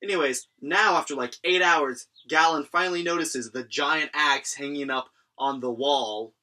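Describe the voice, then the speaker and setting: Young guy rambling through an anime recap, bright kinda high voice, tons of "like"s. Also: normal speed. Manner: rambling, lots of fillers and chuckles. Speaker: anime reviewer. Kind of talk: casual recap and review.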